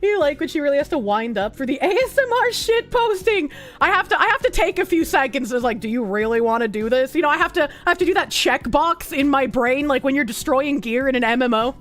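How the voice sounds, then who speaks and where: High, animated woman streamer. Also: a little fast, few pauses. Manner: animated, giggly, reads chat aloud. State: rough throat. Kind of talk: casual live-stream chat.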